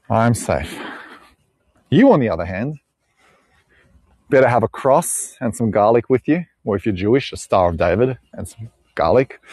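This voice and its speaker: A man's voice: medium pitch, a little mellow, no room sound. An Australian man chatting with live viewers on an outdoor walking tour, rambling, joking and laughing often. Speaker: live-stream tour guide. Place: outdoors on a bush walk.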